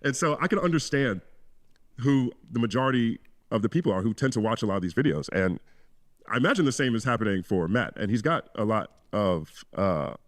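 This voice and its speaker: Dude talking quick to the camera, lively up and down voice, dry sound. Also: male voice, lowish voice, no echo. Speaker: YouTube commentator. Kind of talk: talking to camera in a played clip.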